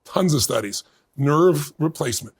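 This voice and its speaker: A man's voice: a little high, lively intonation, moderate pace, slightly rough. A man in his fifties, a podcast guest telling a story in casual conversation and acting out the people he quotes. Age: 50s.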